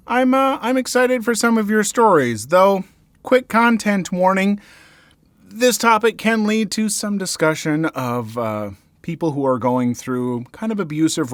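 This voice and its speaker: A man's voice: sits high, no echo, clean studio sound. A man in his thirties hosting a story show, chatting casually about viewer stories with plenty of fillers and restarts. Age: 30s. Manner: animated, with frequent fillers and self-corrections. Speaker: host reading and reacting to viewer stories.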